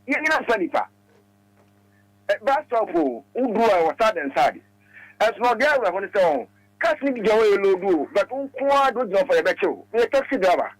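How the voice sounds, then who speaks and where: A man calling in to a radio show, talking in halting, broken English. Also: high voice, big pitch swings, no room sound, rough recording. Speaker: radio caller. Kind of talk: phone-in talk.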